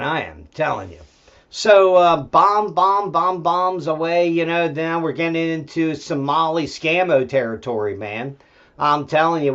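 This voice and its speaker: A male host giving a rambling, profane political rant full of fillers and restarts, and talking aside to his dog at home. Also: a little high. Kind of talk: solo political commentary rant. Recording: dull lo-fi sound.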